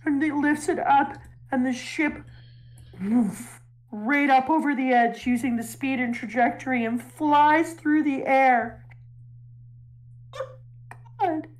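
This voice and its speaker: A woman in casual chat, recapping a story arc in an animated, emotional way and laughing now and then. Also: high-pitched, slow, long pauses.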